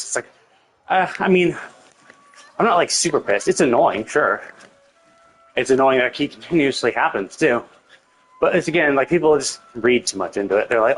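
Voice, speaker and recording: A man's voice: a little high, brisk, slight background noise. A man streaming a video game, rambling casually and venting his annoyance with lots of swearing and filler words. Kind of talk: casual gameplay commentary.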